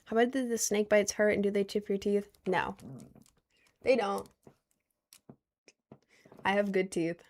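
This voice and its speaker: A woman's voice: mid-range voice, fairly even intonation, unhurried, pauses often, darkish tone. Giggly, rambling young woman streamer. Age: 20s. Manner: rambling, giggly, lots of "like" and restarts. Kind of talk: casual stream chat, reading viewer questions.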